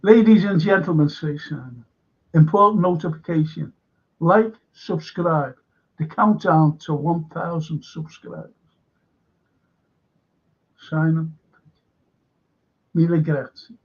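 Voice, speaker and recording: Speaking slowly with long pauses, a man with a fairly high pitch and a somewhat dark tone hosts a livestream. He's telling a long, wandering story and swearing freely, over muffled, lo-fi audio.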